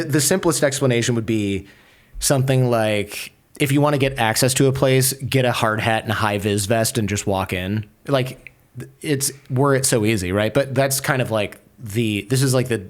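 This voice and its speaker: A man guesting on a podcast, recounting a tense story in a loose, conversational way. His voice sits at a middle pitch, and he piles on fillers and quick restarts as he goes, with an animated, storytelling energy. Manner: fast-talking, many fillers and restarts, animated retelling. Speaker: podcaster and lawyer, interview guest. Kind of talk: casual storytelling in a podcast interview.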